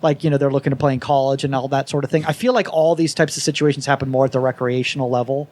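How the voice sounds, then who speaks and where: A man's voice: mid-range voice, steady tone, rapid-fire, darkish tone. A man, a comedian guest, chatting casually on a podcast in a rambling way, full of "like" and restarts. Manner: rambling, heavy use of "like".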